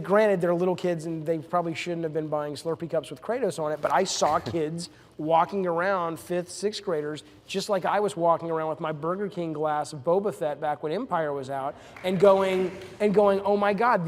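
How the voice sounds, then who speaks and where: A man's voice: a little high, normal speed, few pauses, slight background noise. A man speaking as a game director on a live panel, telling stories with enthusiasm and frequent restarts. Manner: enthusiastic storyteller with many restarts. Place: stage at a live event. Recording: long hall reverb from a live panel.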